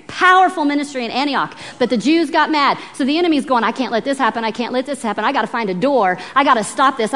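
High-voiced woman preaching in a hall. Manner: animated storytelling, acts out the people in the story. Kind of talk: sermon.

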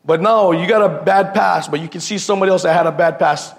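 A man delivers an easygoing sermon in a slightly high, gravelly voice. He speaks in loose, slangy sentences, often repeats himself, and keeps calling the listeners "bro.". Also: fast talker. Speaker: lay preacher. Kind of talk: informal sermon with personal stories.

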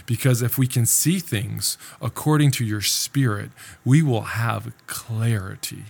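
A man's voice: moderate pace, vocal fry, hardly any pauses, a little mellow. A male pastor preaching a sermon in a casual, conversational way. He keeps checking in with his listeners by asking "right?". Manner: conversational, tags sentences with "right?"; acts out quoted voices in a higher pitch.

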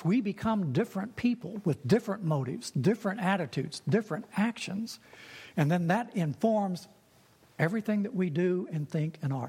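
A man's voice: high voice, a little mellow, breathy edge. A man preaching a sermon in an earnest way, repeating key phrases for emphasis. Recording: long reverb of a hall.

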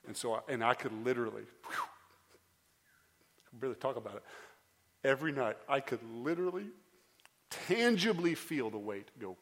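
A man in his thirties delivers an earnest sermon from the pulpit, repeating and restarting phrases as he builds to loud, emphatic pleas. His voice sits at a middle pitch and carries a long reverb from a large hall. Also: lively intonation, moderate pace, long pauses. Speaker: pastor.

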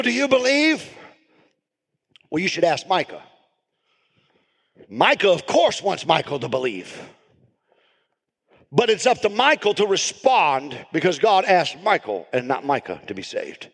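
A man preaching a sermon as pastor, building to shouted, repeated emphasis. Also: fairly high pitch, sing-song, unhurried, long pauses, slightly rough. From United States. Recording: reverberant hall.

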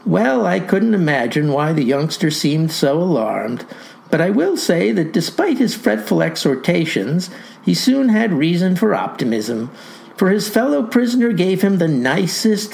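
A woman's voice: lowish voice, vocal fry, darkish tone, full character voice, poor audio. A woman playing a pompous old farmer. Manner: ornate, pompous vocabulary with a folksy drawl. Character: folksy old male farmer, pompous and wordy. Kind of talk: comic first-person storytelling.

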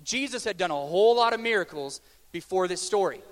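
A man delivers a sermon in a relaxed, conversational way, cracking jokes and slowing down to press his questions. His voice sits high for a man. The sound carries the long reverb of a church hall. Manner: conversational and joking, with slow emphatic questions. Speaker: preacher.

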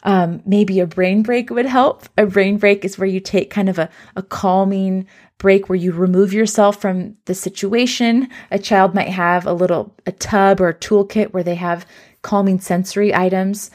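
A young adult woman hosting an educational parenting podcast, speaking in a gentle, encouraging way and modeling soothing phrases for children. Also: medium pitch, fairly even intonation, moderate pace.

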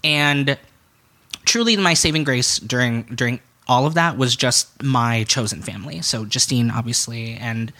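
A man's voice: mid-range voice, a little slow, bright, forceful tone. A young man telling a personal story as a podcast guest, speaking frankly, swearing freely and acting out what other people said. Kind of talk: candid conversational storytelling.

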